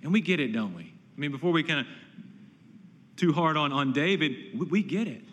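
A man's voice: fairly high pitch, expressive, moderate pace, fairly bright tone, big-room sound, slight background noise. A pastor preaching an earnest, emphatic sermon, often repeating words as he builds a point.

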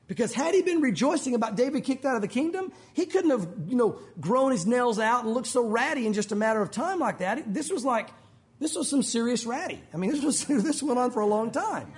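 A male pastor preaching a sermon, animated and folksy, with joking asides to the congregation. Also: very high-pitched, fairly quick.

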